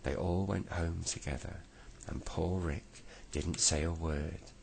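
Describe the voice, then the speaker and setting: Deep gravelly bedtime storyteller man. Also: fairly even intonation, darkish tone, slight background noise. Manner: slow, unhurried reading with small slips.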